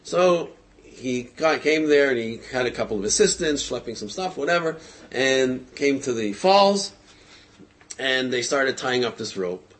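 Animated storytelling man. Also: medium pitch, unhurried. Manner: animated, repeats words, frequent fillers. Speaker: speaker telling a parable.

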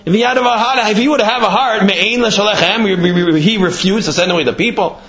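A man giving a Torah class, explaining and telling a parable in an animated, conversational way. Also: sits high, moderate pace, muffled recording, a crowd in the background. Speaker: Torah teacher.

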